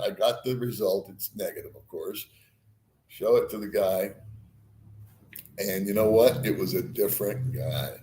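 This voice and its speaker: Older male vlogger, very low voice, rambling and profane storyteller. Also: a little mellow, roomy sound, a little hiss or hum. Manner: rambling, laughs at his own story, swears freely. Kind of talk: casual storytelling.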